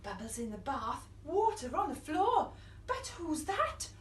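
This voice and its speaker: A young woman reads a picture book aloud to children, playful and dramatic, with hushed whispers and gasps. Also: high voice, very animated, measured pace, roomy sound, distant mic, slight background noise. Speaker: children's storyteller.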